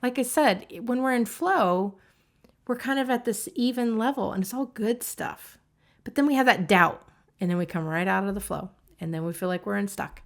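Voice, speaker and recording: A woman's voice: mid-range voice, moderate pace. A woman coach teaching in a casual, conversational way, slipping into acted-out self-talk with shifting emphasis. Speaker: creativity coach.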